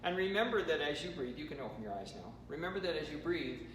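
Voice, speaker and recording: An American man leading a choir rehearsal warm-up, giving chatty instructions with joking asides. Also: a little high, animated, quick pace. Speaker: choir vocal coach. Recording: roomy hall, from far off, noisy.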